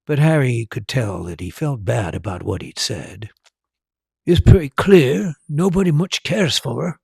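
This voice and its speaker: Slow gravelly male storyteller. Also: on the low side, a little mellow, no room sound, studio quality. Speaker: storyteller and tour guide. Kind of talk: storybook narration.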